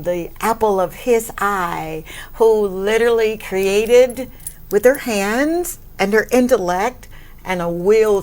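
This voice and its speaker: A woman hosting a talk show, emotional and effusive, laughing often and giving loud shout-outs to her audience. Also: medium pitch. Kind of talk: warm effusive interview talk.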